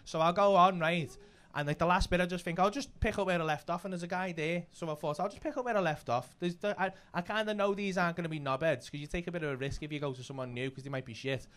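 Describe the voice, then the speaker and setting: A man with a Liverpool accent, a comedian and club host telling stories in casual chat, swearing freely with rapid banter. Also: a little high, a bit bright. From Liverpool, England.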